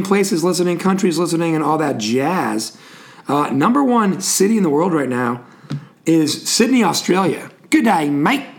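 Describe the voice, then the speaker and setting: A man hosting a casual sports podcast, chatty and rambling, with frequent fillers and asides. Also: fairly high pitch. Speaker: podcast host.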